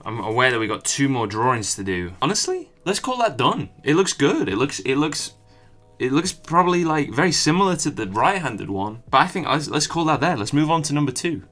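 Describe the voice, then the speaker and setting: A man's voice: mid-range voice, very animated, fairly quick, fairly bright tone. A young man chatting casually while he draws, muttering and swearing as he gets frustrated. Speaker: artist streamer. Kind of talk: casual drawing commentary.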